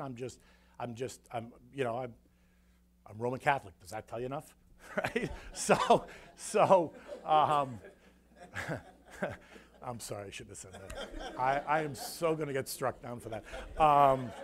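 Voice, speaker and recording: A man from the United States, a floor broker speaking as guest, telling a story in a rambling, animated way that repeats his words. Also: fairly high pitch. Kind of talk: casual emotional storytelling talk.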